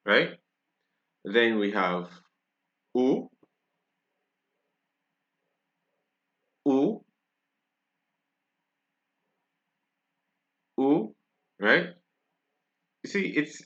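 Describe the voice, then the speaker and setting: A man's voice: lowish voice, a bit bright, muffled recording. A man from Barbados with a Barbadian accent, giving a French pronunciation lesson and checking in with "right?" after each point. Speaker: French teacher.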